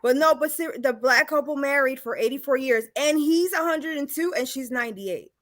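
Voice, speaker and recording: A woman with a Spanish accent co-hosting a call-in show, her voice high and bright. She talks in halting restarts and apologizes often. The sound is dry and close. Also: no echo. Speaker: co-host. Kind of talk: casual call-in show banter.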